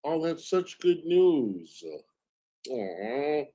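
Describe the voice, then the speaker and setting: A man's voice: on the high side, sing-song, extremely slow, warm tone. Combative, sarcastic male streamer. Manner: sarcastic, combative, switching to sugary thanks for donors. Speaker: streamer host. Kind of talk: heated livestream argument.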